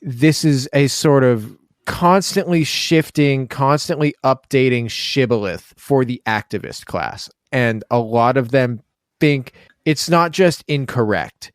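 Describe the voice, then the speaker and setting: A man's voice: medium pitch, slow pace, clear, resonant tone, no echo, studio quality. A man co-hosting a podcast in casual chat, wry and explaining at length. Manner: wry, talks in long explanatory runs, acts out quoted voices. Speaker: podcast co-host.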